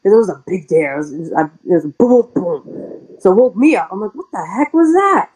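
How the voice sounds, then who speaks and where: A woman pro wrestler telling a story in a casual interview, chatty and animated, full of "like" and quick laughs. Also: on the low side, breathy edge, rough recording.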